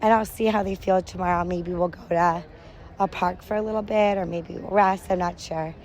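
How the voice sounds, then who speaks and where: A woman's voice: fairly low pitch, steady tone, moderate pace, darkish tone. A woman in her thirties chatting on the go about a family park day, upbeat and rambling with self-corrections, sometimes out of breath from walking. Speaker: podcast host vlogging a family park trip. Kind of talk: casual on-the-go audio diary. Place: outdoors at a theme park, walking.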